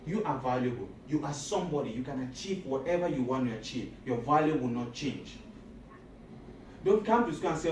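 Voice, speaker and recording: This male motivational speaker addresses high school students in an echoing hall, driving his points home by repeating them and quizzing the audience. His delivery is animated and a little fast, with a darkish tone. The mic sits well away from him, so his voice bounces around the room over a faint background hum.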